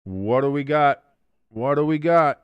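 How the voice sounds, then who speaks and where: A man hosting a live watch-along stream, calling plays casually, reading out chat and cracking jokes with loud excited bursts and swearing. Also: on the high side, unhurried, smooth, no room sound, highs cut off. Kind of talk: casual play-by-play commentary.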